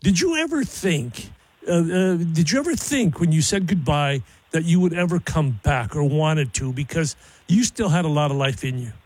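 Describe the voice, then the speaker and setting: A man hosting a radio talk show, interviewing a guest with quick, agreeable remarks. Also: a little high, expressive, a little mellow, husky.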